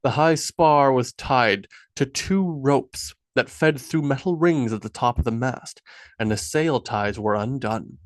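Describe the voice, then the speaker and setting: A man narrating an audiobook in a steady, even reading. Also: mid-range voice, no echo. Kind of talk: scripted narration. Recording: dry close audiobook read.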